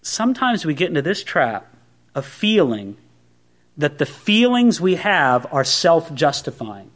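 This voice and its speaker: A man preaching a sermon as a pastor, conversational and animated, with many rhetorical questions. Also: fairly high pitch, measured pace.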